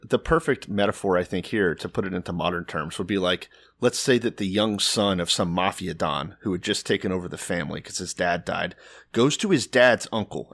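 A man's voice: fairly low pitch, fairly bright tone. A man co-hosting a podcast in casual chat, joking crudely and swearing freely. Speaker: podcast co-host.

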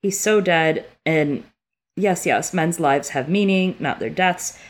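A woman with a low voice speaks slowly as she co-hosts a casual book podcast. She reads passages aloud and responds emotionally, swearing freely and getting tearful mid-reading.

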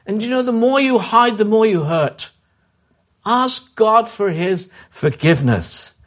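A man preaching, his voice a little high and husky. He presses his listeners with earnest, repeated phrases and short commands, then turns quiet and slow as he leads into prayer. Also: expressive. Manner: drops to a soft, slow voice to lead prayer. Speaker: pastor. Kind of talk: sermon.

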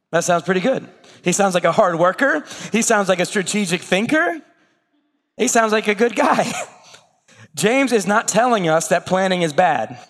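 A man preaching a sermon in a conversational way, slipping into quick acted asides. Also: sits high, fairly bright tone, long reverb tail. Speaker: pastor.

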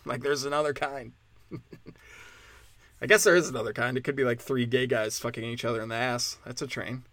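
Crude ranting male comedian, bright dry voice. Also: medium pitch, fairly quick, no echo. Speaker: stand-up comedian. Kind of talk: podcast-style comedy storytelling.

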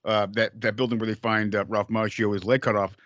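A man co-hosting a podcast, chatting casually about a film, swearing freely and acting out scenes in loud, high voices. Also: little pitch movement, brisk, dry recording, lo-fi sound. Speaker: podcast co-host. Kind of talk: casual film-review chat.

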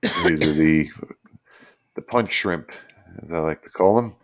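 In a rumbling low, unhurried voice, this man co-hosts a relaxed podcast, chatting casually and explaining animal facts in an easygoing way.

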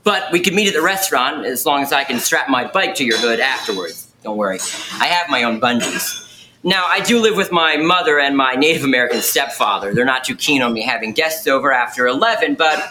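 An actor playing an awkward, oddly earnest young man who rambles a deadpan pitch to ask a waitress on a date, in a film clip with faint room ambience. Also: a little fast, a little hiss or hum, poor audio.

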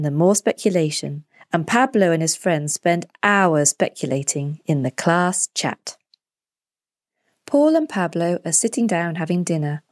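A woman narrating a children's story as the storyteller, in a clear and deliberate way. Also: lowish voice, a little mellow, no echo, clean studio sound.

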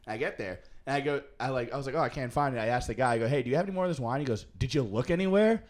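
A man's voice: medium pitch, racing. A man, co-hosting a podcast and telling a laughing, crude story in casual chat. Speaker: podcast co-host.

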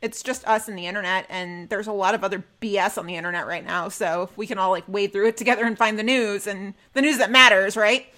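A woman's voice: mid-range voice, fairly even intonation, fast talker, few pauses, sharp tone. A young woman co-hosting a fan podcast, chatting casually and gushing with enthusiasm. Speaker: podcast co-host.

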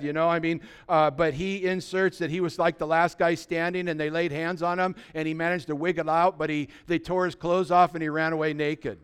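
A man preaching a Good Friday sermon, retelling the story with animated, humorous asides. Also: a little high, brisk, clear, resonant tone. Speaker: pastor.

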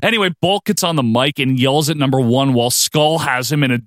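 A man's voice: mid-range voice, a little fast, no room sound, clean studio sound. A man co-hosting a podcast, recapping in a casual, wry way and laughing often. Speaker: podcast co-host.

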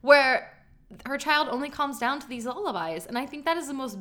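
A woman's voice: sits high, brisk, fairly bright tone, a little hiss or hum. A woman co-hosting a podcast, chatting casually with a friend in a gushing, giggly way. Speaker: podcast co-host. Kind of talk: casual chat.

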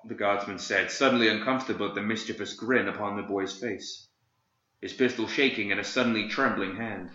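A man narrating a dramatic story in a steady, measured reading. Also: on the low side. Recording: roomy, slightly dull home recording.

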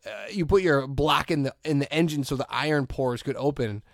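A man's voice: mid-range voice, brisk, dry recording, clean studio sound. A man co-hosting a podcast in casual chat, animatedly telling a story and acting out the people he quotes. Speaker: podcast co-host.

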